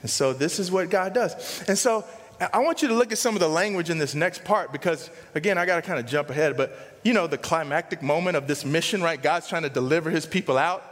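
A male pastor preaching a sermon in an animated way, swinging from loud excitement to hushed emphasis. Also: fairly high pitch, fast talker, in a large hall.

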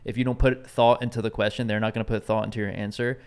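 A man co-hosting a casual sports chat, ranting bluntly with plenty of swearing, his voice getting a little hoarse. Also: on the low side, fast. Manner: blunt, profane, animated ranting. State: losing his voice. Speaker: podcast co-host.

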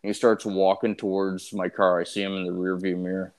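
Low-voiced, blunt man. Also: flat delivery, fairly quick. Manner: blunt, profane storytelling. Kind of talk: casual chat.

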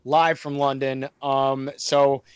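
A man's voice: medium pitch, little pitch movement, takes it slowly, smooth, dry recording, lo-fi sound. Rambling male podcast host, dry sound. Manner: rambling with many fillers, crude jokes. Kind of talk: casual podcast chat.

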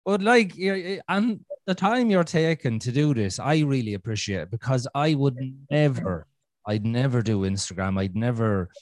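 A man's voice: medium pitch, normal speed, no room sound. Rambling Irish man, dry sound. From Ireland. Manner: rambling, swears freely, restarts often. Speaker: podcast host. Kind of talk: casual chat.

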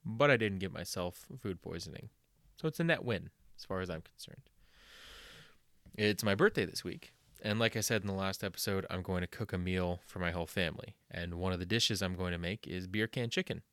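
A man's voice: low-pitched, brisk, a bit bright, no echo, studio quality. A young man hosting a casual solo podcast, rambling in a self-deprecating way and swearing often. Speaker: podcast host.

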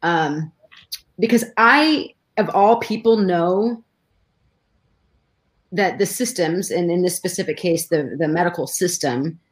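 Middle-aged woman, guest, emotional personal storytelling, lowish voice, frequent restarts. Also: slow pace, pauses often.

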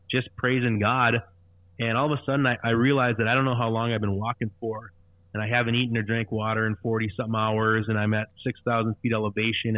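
A man's voice: on the low side, no echo. Earnest man on a tinny phone line. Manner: earnest, repetitive, halting restarts. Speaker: guest sharing conversion testimony. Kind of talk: personal testimony storytelling.

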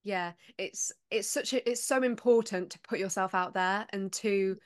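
A woman hosts a relaxed interview podcast, her voice sitting at a middling pitch. She talks casually and keeps cheering her guest on with quick, admiring reactions. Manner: encouraging, quick to react with praise. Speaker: podcast host.

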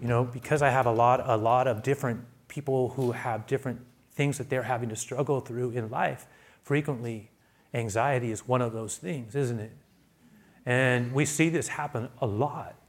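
A man preaching a sermon as pastor, who often restarts his phrases and swings between quiet asides and loud, raised emphasis. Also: normal speed. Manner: builds to loud, high-pitched emphasis, then drops to quiet asides; repeats words and restarts phrases.

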